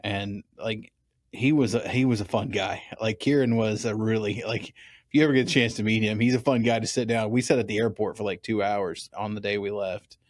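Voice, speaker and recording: An easygoing man with a fairly low voice hosts a casual podcast chat and laughs easily. His voice is recorded close and dry. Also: fairly even intonation, fairly quick, no room sound. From Oklahoma or Texas. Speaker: podcast host.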